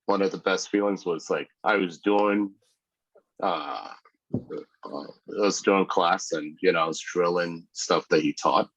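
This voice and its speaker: A man with a very low, husky voice tells animated stories and laughs often in casual podcast chat. The sound is close and dry, with little room echo. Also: measured pace, muffled recording. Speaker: podcast guest.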